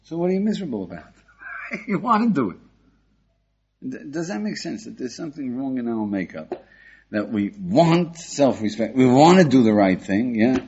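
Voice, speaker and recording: Older American rabbi with a husky, animated voice. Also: male voice, medium pitch, brisk. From United States. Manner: animated, questioning the audience, frequent "yeah?". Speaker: rabbi teaching a class. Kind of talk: lively Torah class lecture. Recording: dull lo-fi lecture recording.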